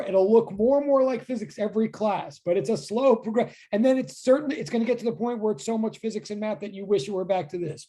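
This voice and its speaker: A man's voice: sits high, gravelly, dark tone. A man teaching a physics class over a video call, chatty and self-deprecating, rambling as he greets his students. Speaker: physics instructor. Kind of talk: casual online class.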